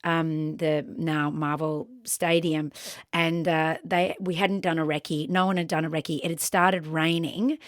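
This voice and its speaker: An Australian woman co-hosting a podcast, telling a story in an animated way with lots of ums and acted-out voices. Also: low-pitched, measured pace, dry recording, clean studio sound. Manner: animated, acts out the people in her story, frequent ums. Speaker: podcast co-host. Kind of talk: casual storytelling chat.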